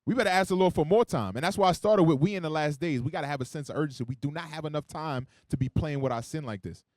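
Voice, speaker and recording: A man preaching a sermon, calling on a reader for verses and joking in between, swinging from loud emphasis to quiet asides. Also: on the high side, quick pace, dry recording, clean studio sound. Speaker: preacher teaching a Bible class. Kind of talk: sermon with call-and-response scripture reading.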